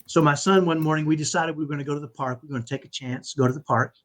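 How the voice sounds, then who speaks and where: A middle-aged man, a podcast guest, telling a story in animated conversation and tagging sentences with "right?". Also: fairly high pitch, racing. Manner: animated, repeats "right?" often. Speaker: podcast guest, autism dad.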